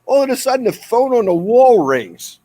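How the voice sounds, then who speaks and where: A man, the guest, telling a comic story in an animated, excitable way. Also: very high-pitched, normal speed. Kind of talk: comedic storytelling.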